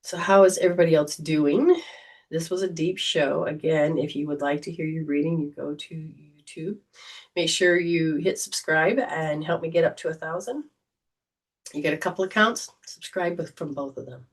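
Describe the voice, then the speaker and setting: A woman's voice: deep voice, normal speed, distant mic. A woman hosting a casual livestream as a psychic reader, talking in a chatty, rambling way. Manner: chatty, rambling, warm storytelling.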